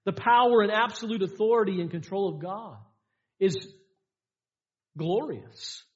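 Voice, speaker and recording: Male pastor preaching, high voice, repetitive emphatic delivery, dull lo-fi sound. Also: darkish tone. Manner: emphatic preaching with repeated lines and dramatic pauses. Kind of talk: sermon. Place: church sanctuary.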